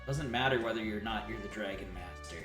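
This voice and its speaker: A man's voice: on the low side, brisk, reverberant, music in the background, voice pushed down, natural voice. A man voicing a whiny, fretful young male mage, reading game dialogue on stream. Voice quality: whiny and mopey.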